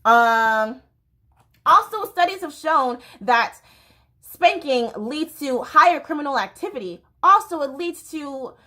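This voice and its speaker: Woman podcast host with a high voice, speaking solo in a heated, rambling casual monologue. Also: lively intonation, takes it slowly, sharp tone. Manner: impassioned, rambling, self-interrupting. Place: home near a train line.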